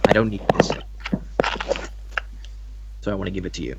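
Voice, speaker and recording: A man doing a grave, quiet old warrior. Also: low-pitched, expressive, moderate pace, creaky, very noisy, voice pushed down. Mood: solemn. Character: grave older man handing over his shield.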